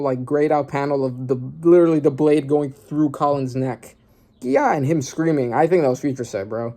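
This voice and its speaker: A man reading through a manga chapter aloud and reacting, often bursting into loud exclamations and swearing. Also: medium pitch, a little fast.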